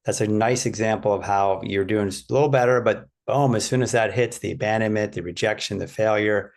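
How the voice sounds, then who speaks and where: A man's voice: lowish voice, moderate pace, creaky, few pauses. A man hosting an interview as a physical therapist, reflecting on and emphatically explaining what his guest says.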